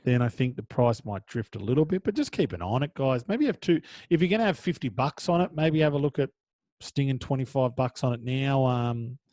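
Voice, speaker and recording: A man's voice: animated, fairly quick, no echo. Chatty Australian man with a dry close sound. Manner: chatty, joking, drifts quieter and lower at the ends of thoughts. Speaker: podcast co-host. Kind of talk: casual horse racing tips chat.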